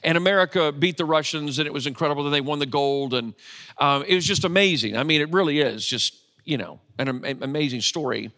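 A man preaches a conversational sermon, often turning to the congregation with questions. His voice sits a little high and bright. It carries with a long reverb, as in a large church hall. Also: brisk. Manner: conversational, asks the audience questions. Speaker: pastor.

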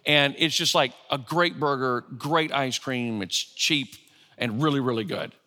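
A man's voice: mid-range voice, unhurried, sharp tone, in a large hall. A middle-aged man preaching a sermon in a church, conversational, often asking his congregation questions. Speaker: pastor.

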